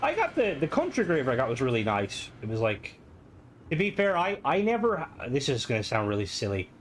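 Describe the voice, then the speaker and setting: A man's voice: mid-range voice, wildly swooping pitch, fairly quick, slight background noise. An Irish man streaming a game, chatting casually and rambling with many fillers. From Ireland. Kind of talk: casual gaming stream chat.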